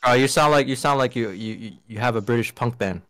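An Australian man in casual podcast chat, animated and teasing. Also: medium pitch, fast talker, no room sound. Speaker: podcast co-host.

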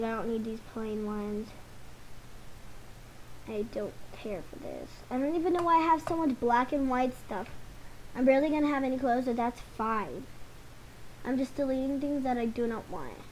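This gaming channel host, a young woman, chats and rambles to her audience while going through in-game items. Her voice leans high and a little mellow, on a rough recording with a bit of hiss or hum.

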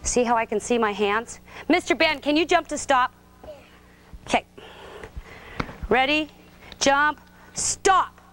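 High-voiced woman coaching toddlers. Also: expressive, takes it slowly, pauses often, a bit bright, slight background noise. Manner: sing-song, encouraging, gives short simple directions. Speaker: preschool gymnastics coach. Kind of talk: coaching young children in class. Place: indoor gym.

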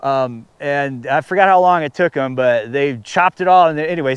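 A man's voice: a little high, a bit bright, clear, resonant tone. Rambling man vlogging outdoors in snow. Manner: rambling, talks to his dog, jokes to the viewers. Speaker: camping vlogger. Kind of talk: casual outdoor vlog chat. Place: outdoors in snow at a camp spot. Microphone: action camera.

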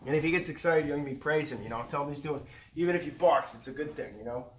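In a low-quality recording with slight background noise, a man talks fast as he trains dogs at home indoors. His instruction is laid-back and conversational, punctuated by high baby talk aimed at the dogs.

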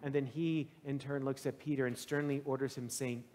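A male pastor preaching a sermon in a church, with animated, conversational storytelling. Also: medium pitch, fairly quick, few pauses, in a large hall.

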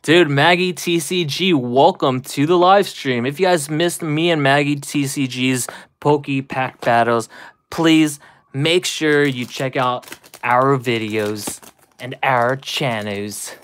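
A man's voice: mid-range voice, slow, a bit bright. Man, live streamer, laughing, chatty, out of breath, talking to chat. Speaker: card-opening live streamer.

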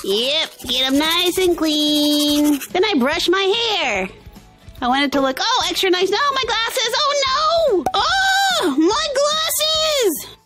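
A woman's voice: high-pitched, a little slow, music in the background. Mei Mei, a whiny teen girl voiced by a woman. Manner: whiny outbursts that settle into forced calm. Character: moody teenage girl with an inner red panda. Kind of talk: toy pretend-play voice acting.

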